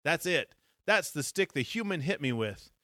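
Guy reading as a jumpy hungry griffin, kinda high, dry sound. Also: big pitch swings, moderate pace, pushed and bright, dry recording. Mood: skittish. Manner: nervous, squawking, skittish. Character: nervous, hungry male griffin.

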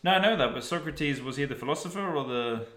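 A man with a lively, swinging voice rambles through a casual podcast chat, swearing freely and restarting his sentences. He has had a few beers, and his voice echoes around the room. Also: medium pitch, quick pace. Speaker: podcast co-host.

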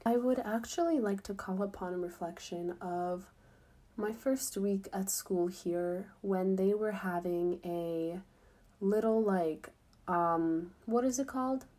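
In her vlog, an upbeat young American woman living abroad as a student talks casually and uses lots of fillers. She has a mid-range, dark-toned voice and a slow pace.

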